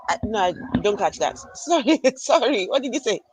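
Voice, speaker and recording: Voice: medium pitch, expressive, moderate pace, a little hiss or hum, poor audio. An adult parent hosting a casual live stream from a gaming arena computer, chatting and greeting viewers by name. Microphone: arcade computer, no camera.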